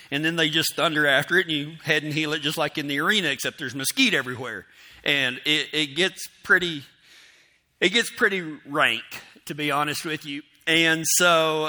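A man's voice: a little high, sharp tone. A man telling rambling, self-mocking stories to an audience. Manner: rambling and self-mocking, acts out his inner voice in quotes. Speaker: storyteller speaking to an audience. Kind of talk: casual storytelling.

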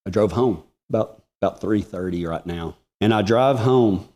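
A man preaching a sermon, telling a personal testimony with emotion, moving from hushed lines to soaring ones. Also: lowish voice, normal speed.

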